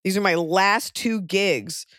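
A pregnant woman hosting a podcast, talking in casual chat with wry, deadpan jokey rants. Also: medium pitch, slow, no echo, clean studio sound. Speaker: podcast host and touring comedian.

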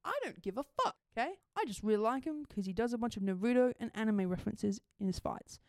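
A young Australian woman co-hosting a podcast and telling a story in casual chat. She talks in an animated way, laughs often and swears freely. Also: fairly high pitch, fast, dry recording, clean studio sound. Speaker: podcast co-host.

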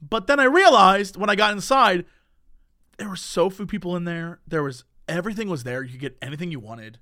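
A young man telling a story in casual podcast chat, lively and acting out quotes in voices. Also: high voice, fairly quick, no echo, clean studio sound. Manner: animated, acts out quotes in voices.

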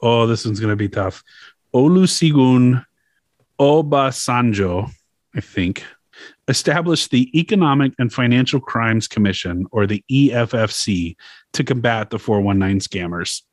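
A man's voice: mid-range voice, expressive, a little slow, darkish tone, no echo, studio quality. A man hosting a podcast, explaining a topic in a loose, chatty way with laughs and swearing. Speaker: podcast host. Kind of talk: casual chat.

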